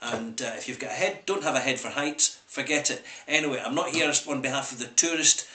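A man's voice: medium pitch, brisk, pushed and bright. A Scottish man chatting casually through a whisky review, rambling into asides, in an echoey room.

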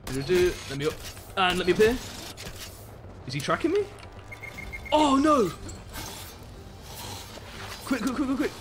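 A young English man live-streaming a video game, excitable and loud, swearing and chatting to his viewers. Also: high voice, fast, long pauses, slight background noise. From England. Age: young adult. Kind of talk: live gaming commentary. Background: game music.

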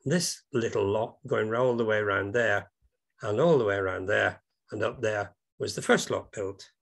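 A man's voice: on the low side, moderate pace, vocal fry, a bit bright. A British man giving an informal slide talk over a video call, rambling and hesitant with many ums, breaking into enthusiastic asides. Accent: British English.

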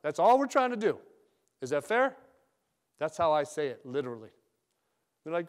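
Addressing a room of loan officers, a man with a slightly high voice delivers a motivational sales talk at a moderate pace, with lively intonation and frequent pauses. He's a blunt manager who jokes around, using slang and dry humor in plain, casual speech.

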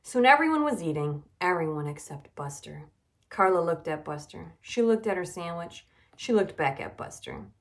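A woman nutrition educator reading a children's storybook aloud, expressive and emphatic. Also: fairly low pitch, normal speed.

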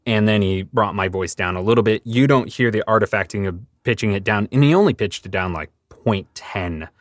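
Guy with a lowish voice telling voice acting stories on a podcast, acts out the conversations, dry close mic. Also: brisk, dry recording. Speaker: voice actor guest. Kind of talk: casual podcast interview.

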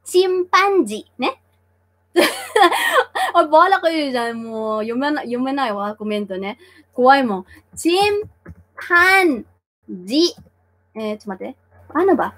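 A Filipino woman with a high, light voice leads a casual livestream lesson, drilling each word over and over. She keeps it chatty and playful, teasing her viewers between repetitions. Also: a bit bright. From Davao City, Philippines. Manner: repeats words drilling vocabulary, playful teasing of chat. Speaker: livestream language teacher. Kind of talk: casual live-stream lesson mixing English and Tagalog.

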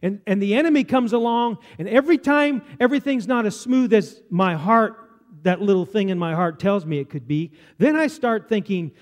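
A man with a high-pitched voice preaches an earnest sermon as pastor. He slows down deliberately whenever he reads scripture aloud. His voice rings out with the long reverb of a church hall. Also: lively intonation. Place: church sanctuary.

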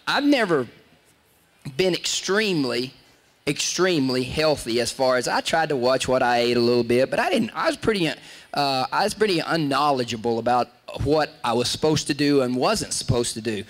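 A man's voice: a little high, lively intonation, moderate pace. A man from Texas, hosting a show and telling stories in a rambling way, often breaking off mid-sentence and laughing at his own stories. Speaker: show host. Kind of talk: casual storytelling.

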